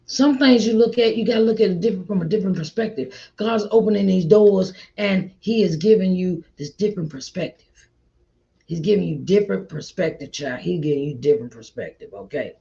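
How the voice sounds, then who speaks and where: A middle-aged woman hosting an inspirational faith talk, repeating her points warmly and calling listeners child and honey. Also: on the low side, a little fast, vocal fry. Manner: repetitive, encouraging, calls listeners child and honey. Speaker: host. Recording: slightly dull lo-fi audio.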